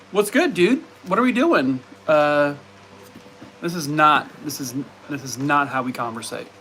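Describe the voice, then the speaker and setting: A man's voice: on the high side, lively intonation, slow pace, pauses often, bright, forceful tone, slight background noise. A man live streaming from home, chatting casually and playfully scolding and baby-talking his dogs. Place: home in Arizona.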